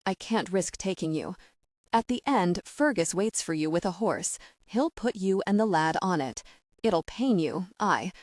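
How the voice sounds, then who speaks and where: A woman voicing an anxious, impatient serving woman who speaks in an urgent, hushed way in an audiobook. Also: medium pitch, no room sound, clean studio sound, natural voice.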